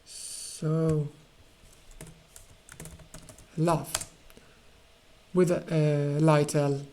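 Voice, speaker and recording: A man teaching an English pronunciation lesson, hesitating often with fillers and restarts and repeating words slowly to model their sound. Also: a little high, steady tone, a little mellow, a little hiss or hum, poor audio.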